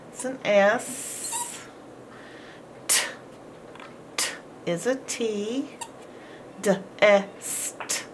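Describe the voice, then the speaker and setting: A woman's voice: mid-range voice, a little hiss or hum. A woman teaching a phonics lesson, patiently sounding out letters and words and praising the learner. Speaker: homeschool teacher.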